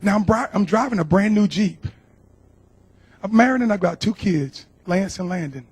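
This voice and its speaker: Husky middle-aged man giving earnest testimony. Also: sits high, lively intonation, moderate pace, darkish tone. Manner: earnest, emotional storytelling with repeated phrases. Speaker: guest speaker. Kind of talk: personal testimony to a church. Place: church.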